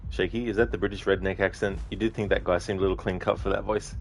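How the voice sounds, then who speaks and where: Relaxed male game streamer, low voice. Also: fast talker, slight background noise. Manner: relaxed, chuckling, greets viewers by name. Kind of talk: casual live-stream chat with viewers.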